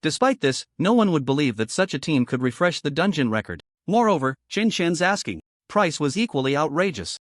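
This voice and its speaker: A male narrator reads a scripted story recap in a lively voice that sits a little high and moves a lot in pitch. The sound is dry and close, with no room in it. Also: brisk, hardly any pauses, no room sound.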